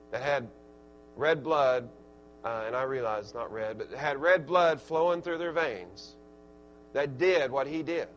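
Preaching a sermon in a Southern Arkansas accent, a man moves from quiet asides up to loud, emphatic peaks, restarting words as he goes. His voice is a little high.

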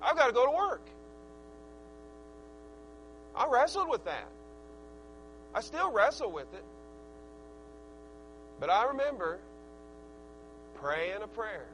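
A middle-aged man preaching a sermon in a folksy, earnest way, his loudness rising and falling. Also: very high-pitched, sing-song, a little slow, long pauses, background noise.

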